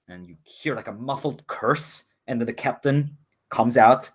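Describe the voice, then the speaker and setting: Relaxed man narrating a tabletop game. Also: medium pitch, unhurried, breathy edge. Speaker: game master.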